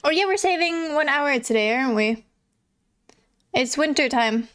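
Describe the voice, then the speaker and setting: A woman's voice: high voice, lively intonation, moderate pace, fairly bright tone. A young adult woman livestreamer chatting casually with viewers, swearing freely and laughing often. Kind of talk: casual chat reading viewer messages.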